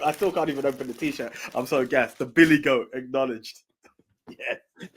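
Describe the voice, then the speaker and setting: A man, co-hosting a casual chat and cutting in with excited, enthusiastic remarks. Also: mid-range voice, moderate pace, a little hiss or hum. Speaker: podcast co-host.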